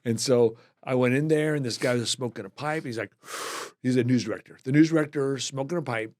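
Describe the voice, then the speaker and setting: A middle-aged man, a weatherman guest on a podcast, telling animated anecdotes and acting out quoted voices. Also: mid-range voice, brisk, no echo. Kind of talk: casual storytelling.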